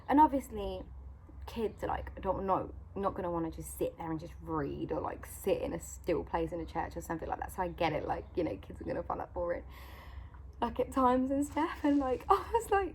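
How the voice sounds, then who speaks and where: Give me a woman telling a faith story to her channel, lively and full of "like", with a creaky edge. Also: a little high, a little fast, slight background noise. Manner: animated, acts out quoted dialogue, frequent "like". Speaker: Christian vlogger; mother of a young son. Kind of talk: casual faith testimony storytelling.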